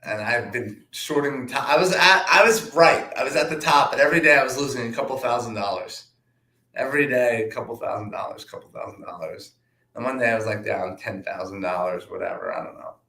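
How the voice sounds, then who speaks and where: A man, a trader, telling stories from his career in a relaxed anecdotal way, with plenty of "um" and "like". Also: medium pitch, a little fast. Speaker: trader and guest. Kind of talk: casual storytelling. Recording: roomy echo.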